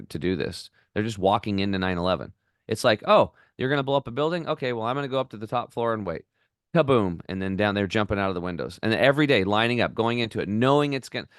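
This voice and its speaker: A middle-aged man, a podcast guest, telling stories in an excited, rambling way and acting out the voices of the people in them. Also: lowish voice, smooth, no room sound, clean studio sound. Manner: enthusiastic, rambling, acts out quoted voices. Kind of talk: excited storytelling interview.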